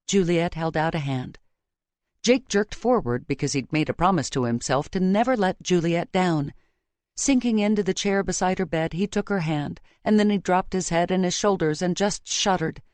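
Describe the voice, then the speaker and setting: Brief: woman narrator, measured and emotive, slightly low voice, dry close mic. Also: animated, no room sound. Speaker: audiobook narrator. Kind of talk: scripted romance narration. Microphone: close studio mic.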